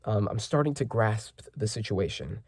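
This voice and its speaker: A man's voice: fairly low pitch, animated, normal speed, gravelly, a little mellow, no room sound, studio quality. A man hosting a casual manga chapter reaction, rambling with lots of fillers and self-corrections as he reads panels aloud.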